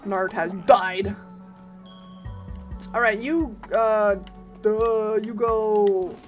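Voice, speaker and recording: A woman streamer giving casual, chatty gameplay commentary, reacting loudly and talking to her chat and her game's followers. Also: mid-range voice, very slow, soft background music.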